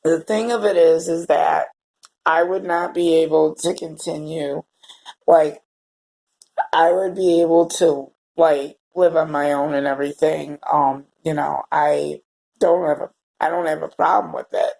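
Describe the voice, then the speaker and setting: A man talking to the camera in a personal vlog, halting and heartfelt, often repeating words as he searches for what to say. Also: on the high side, steady tone, gravelly, darkish tone. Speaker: vlogger. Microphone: camera held or set facing away.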